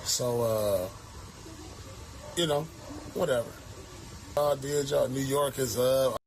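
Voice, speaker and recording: A man teases and taunts rival fans during a casual sports chat. His voice is mid-pitched, with faint noise in the background. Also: slow, a little mellow, rough recording. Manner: teasing, taunting. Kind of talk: casual sports trash talk.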